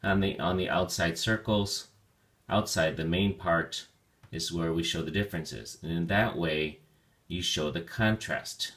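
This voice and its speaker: Slow, deep-voiced male vocabulary teacher. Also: fairly bright tone. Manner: slow, deliberate, stretching key words. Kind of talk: vocabulary lesson.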